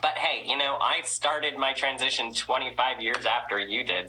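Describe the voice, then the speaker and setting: A woman with a very low, bright-edged voice, sounding stuffy from a head cold. She talks in a chatty, candid way and lifts the ends of her sentences. A faint hum sits under the recording. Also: steady tone, normal speed, rough recording. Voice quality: trained singing voice. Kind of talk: casual video chat interview.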